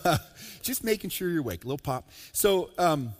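A man preaching a sermon as pastor, animated and joking, swinging between emphatic loud lines and soft low ones. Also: moderate pace. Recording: long reverb of a large hall.

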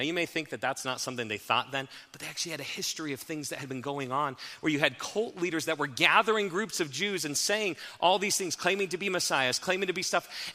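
A man preaching a sermon as pastor, swinging from hushed, slow emphasis to loud, fast, animated stretches. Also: on the high side, big-room sound.

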